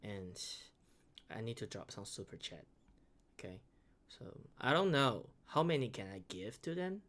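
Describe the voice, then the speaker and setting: A man's voice: medium pitch, big pitch swings, a bit bright. A man whose first language is Mandarin, giving casual, heartfelt reaction commentary in English, stopping and restarting his sentences. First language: Mandarin Chinese. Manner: halting, many restarts and repeated words; earnest, heartfelt. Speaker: beatboxer reacting to videos.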